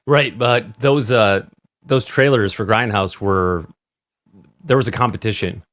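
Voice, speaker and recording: A man's voice: on the low side, measured pace, fairly bright tone. A man co-hosting a casual movie podcast, retelling the film's plot step by step with dry asides. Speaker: podcast co-host. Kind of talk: casual movie-review chat.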